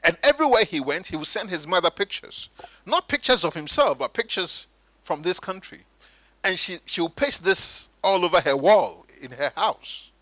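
A man preaching a sermon, animated and sometimes mimicking churchgoers in higher voices. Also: moderate pace, dry recording, rough recording.

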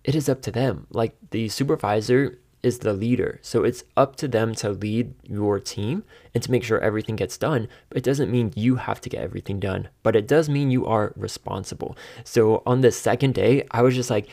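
Podcast host, thirties, male, gravelly low voice, loose exasperated monologue. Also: moderate pace, hardly any pauses, a little mellow. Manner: rambling, exasperated, self-deprecating laughs. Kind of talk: casual solo monologue.

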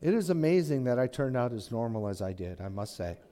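A male pastor giving a sermon in an animated, conversational storytelling manner. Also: medium pitch, brisk.

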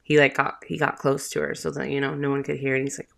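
Southern mom host, thirties, low slow chatty voice, gravelly fry, rambling storyteller. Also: female voice, level tone. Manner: chatty, rambling, with filler words and laughs. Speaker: podcast host, mother. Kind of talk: casual storytelling.

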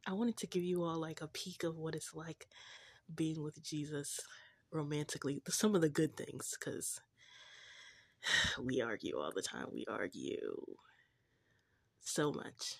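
A woman's voice: sits low, lively intonation, a little slow, gravelly, pauses often, slightly rough. A young woman vlogging in a casual, confessional way, gushing and giggly, with a slangy manner. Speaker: faith vlogger.

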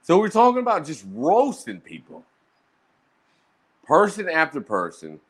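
Brash man, crude streamer storyteller, pitch swinging high and low. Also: a little slow. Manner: profane, animated, brash roasting talk. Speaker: streamer recounting roast battles. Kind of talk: casual storytelling monologue.

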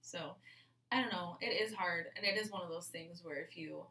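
A woman's voice: on the low side, moderate pace, sharp tone, far from the mic, slight background noise. A woman co-hosting a casual true-crime podcast, talking emphatically and swearing when she gets angry, recorded in a bathroom. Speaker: podcast co-host. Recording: echoey bathroom, off-mic.

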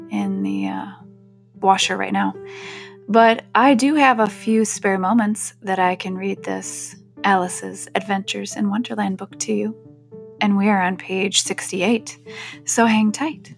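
A woman hosting a reading podcast, chatting casually with listeners and making joking asides. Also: medium pitch. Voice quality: gravelly fry. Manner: chatty and self-deprecating, aside-prone. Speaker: audiobook podcast host and reader. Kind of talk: casual chat and reading aloud.

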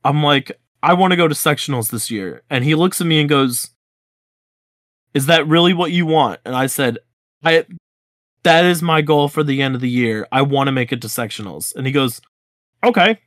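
Fairly quick and mid-range, this young man's voice carries a school story he tells as a podcast co-host in his twenties. It's a casual chat, and he animatedly acts out what people said. The recording is dry, with clean studio sound.

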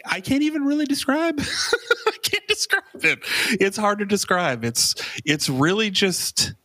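Young male podcast host, bright, higher voice, dry studio sound, excitable and profane. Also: a little slow, no room sound. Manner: enthusiastic, swears freely, laughs often. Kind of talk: casual chat.

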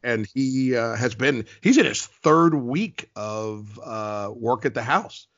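A chatty man from the United States, in his forties, talks easily as a podcast guest, with frequent laughs and restarts. His voice sits at a middling pitch. It comes through dry and a little dull, like a lo-fi remote call. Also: animated, slow, a bit bright, no room sound. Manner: chatty, laughs often, many ums and restarts. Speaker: guest, team TV host and courtside reporter. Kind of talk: casual podcast interview.

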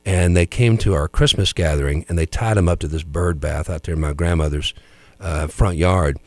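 A man's voice: low-pitched, normal speed, dry recording. A middle-aged man, hosting a radio show and telling family stories in a loose, joking, irreverent way. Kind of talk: casual on-air storytelling. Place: radio studio. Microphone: studio radio mic. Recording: dry studio sound with faint music.

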